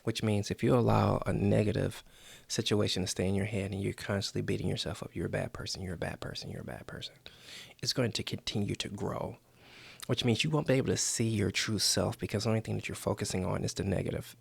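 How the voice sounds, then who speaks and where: A man's voice: lowish voice, steady tone, fast, vocal fry, breathy edge, dry recording. A man hosting a motivational podcast, coaching earnestly and acting out the inner voices people hear. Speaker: podcast host.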